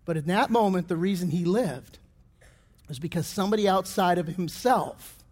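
A middle-aged pastor delivering a sermon in a fairly high voice. He tells his stories loosely, restarting phrases and filling pauses as he goes, and his voice rings out into a long hall reverb. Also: a little mellow. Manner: storytelling with many restarts and fillers.

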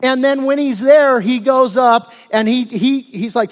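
Male pastor, high voice, casual storytelling sermon, reverberant church hall. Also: fairly quick, hardly any pauses. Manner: conversational, retells scripture with casual asides. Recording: long reverb of a large hall.

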